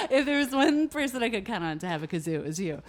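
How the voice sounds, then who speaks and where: A woman's voice: a little high, big pitch swings, brisk, fairly bright tone. A woman singer-songwriter chatting casually between songs on a livestream, laughing often. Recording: guitar music behind the voice.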